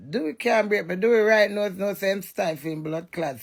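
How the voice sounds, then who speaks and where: A woman's voice: mid-range voice, normal speed, creaky, breathy edge. A woman with a Jamaican accent in a brash, fiery, swearing rant. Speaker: social media personality. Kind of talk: ranting monologue.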